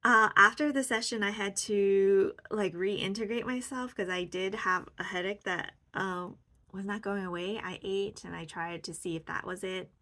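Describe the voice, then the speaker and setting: A woman in her own home office, softly and warmly sharing a personal healing experience with many fillers. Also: mid-range voice, fairly even intonation, moderate pace. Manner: soft, heartfelt, with many fillers. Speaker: spiritual vlogger. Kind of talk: casual reflective sharing.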